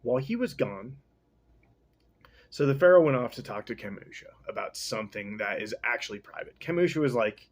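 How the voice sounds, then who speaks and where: A man hosting a podcast, casually recapping and reading a novel with slangy, rambling, deadpan asides. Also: medium pitch, fairly quick.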